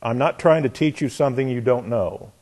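A man's voice: mid-range voice, expressive, brisk, a little mellow. A man teaching a bible class in a conversational way, trailing off and restarting his sentences with frequent asides.

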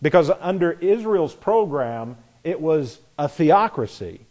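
A man's voice: on the high side, dark tone. A man preaching a sermon, reading scripture aloud and explaining it in a conversational way. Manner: conversational, reads scripture then comments. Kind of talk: expository sermon.

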